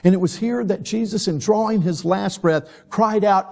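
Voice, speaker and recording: Impassioned high-voiced pastor preaching. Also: male voice, moderate pace, creaky. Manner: impassioned preaching, dropping to a soft prayer. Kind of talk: sermon and closing prayer. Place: church sanctuary.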